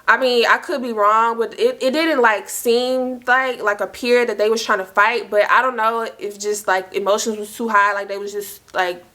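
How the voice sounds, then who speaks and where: A young woman telling a story casually, with frequent "like" and "y'all" and animated retelling. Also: a little high, moderate pace, hardly any pauses. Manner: chatty, heavy use of "like" and "y'all", animated retelling. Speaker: storyteller host.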